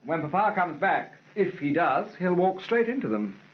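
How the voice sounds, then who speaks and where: An actor playing an anxious, wry young aristocrat with a slightly husky voice. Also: male voice, high voice, very animated, normal speed, muffled recording. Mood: fretful. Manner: wry, fretful, clipped.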